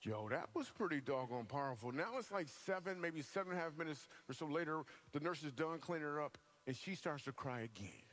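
A man in his thirties preaching a sermon to a live church audience, telling funny stories with lively joking asides. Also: a little high, a little hiss or hum. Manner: animated storyteller, bursts of quick delivery and joking asides.

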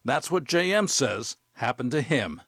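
A man reporting as an investigations correspondent, reading a scripted news report in a measured, even way. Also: mid-range voice, no room sound. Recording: dry studio voice.

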